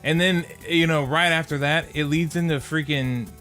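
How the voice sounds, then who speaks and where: Rambling, halting male podcast co-host. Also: fairly high pitch, fairly even intonation, pushed and bright, soft background music. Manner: rambling, halting with many restarts. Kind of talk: casual anime review chat.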